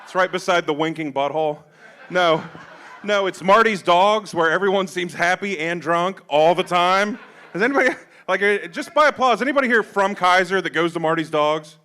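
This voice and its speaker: Guy doing crude standup, high bright voice, acts out the people in his stories. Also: normal speed. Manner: profane storytelling, acts out dialogue. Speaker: comedy show host and comic. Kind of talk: stand-up comedy. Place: comedy club stage.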